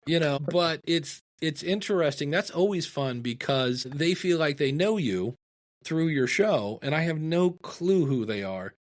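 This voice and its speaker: A man's voice: fairly high pitch, measured pace. A middle-aged man from Ohio, a podcasting guest, telling stories in a casual interview and acting out the dialogue in them. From Ohio, USA. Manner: animated storyteller, acts out quoted dialogue.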